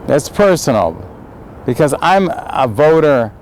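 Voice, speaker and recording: A man's voice: a little high, big pitch swings, measured pace, slight background noise, low-quality recording. An older American man giving an impassioned, emphatic speech outdoors on a city street, recorded on a homemade handheld camera. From United States. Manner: impassioned, emphatic, repeats phrases. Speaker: citizen vlogger. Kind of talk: impromptu political speech. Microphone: handheld homemade video camera.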